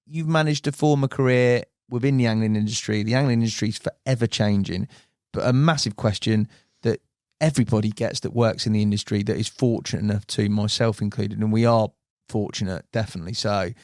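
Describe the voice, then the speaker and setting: A man's voice: lowish voice, a little fast, darkish tone, no echo, clean studio sound. Chummy, jokey podcast host man. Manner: chummy, jokey, keeps saying mate. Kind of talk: casual podcast chat.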